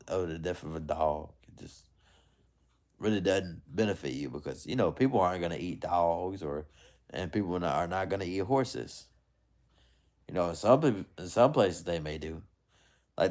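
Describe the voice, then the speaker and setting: A man's voice: deep voice, a little mellow. A young man casually chatting on a livestream, reading viewer comments in a loose, rambling way and laughing often. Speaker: livestream host.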